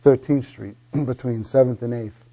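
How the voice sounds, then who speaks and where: Male guest, relaxed pitchman, very warm dark tone. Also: normal speed, breathy edge. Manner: easygoing, promotional, lots of fillers. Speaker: guest, health food vendor.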